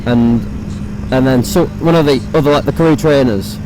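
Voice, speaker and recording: A young man with a hoarse, croaky voice, chatting casually and swearing while riding a motorbike, recorded on a phone inside his helmet. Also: medium pitch, moderate pace, noisy background. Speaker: motovlogger. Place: on a motorbike on city roads.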